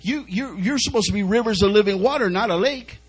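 A male preacher with a high voice delivers an emphatic sermon a little fast, repeating phrases to urge his congregation on. The recording quality is low.

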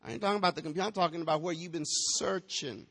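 A man's voice: on the high side, rapid-fire, fairly bright tone, breathy edge, in a large hall. A man preaching a sermon in a church, firing rhetorical questions, teasing the congregation and slipping into a sing-song chant.

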